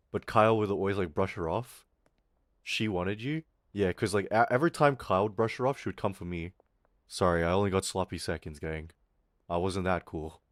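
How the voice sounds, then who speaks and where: A young man streaming, telling a school story in a casual, animated, swearing way. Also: fairly low pitch, dry recording, studio quality.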